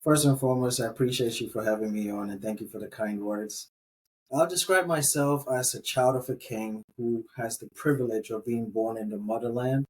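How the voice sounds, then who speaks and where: A man from Ghana, a podcast guest describing himself in an earnest, measured way. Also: medium pitch, breathy edge, rough recording. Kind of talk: casual interview talk.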